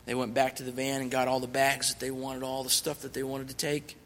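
A man's voice: medium pitch, completely flat delivery, brisk, a bit bright, a little hiss or hum. A man who is a missionary, giving an earnest, emphatic testimony as a guest speaker in a church sanctuary. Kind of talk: sermon testimony. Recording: long church reverb.

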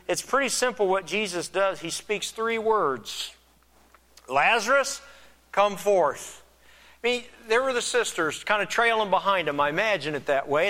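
A man delivers a sermon in a bright, forceful voice that sits a little high for a man. He moves from quiet, reflective stretches to rising, emphatic preaching. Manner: builds from soft reflective to loud emphatic preaching. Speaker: pastor.

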